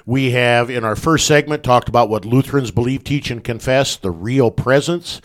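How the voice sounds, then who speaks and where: A man hosts a talk show in an earnest, measured way. His voice sits at an ordinary pitch and he reads long passages aloud before turning to his guest with questions. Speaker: host. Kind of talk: radio talk show discussion.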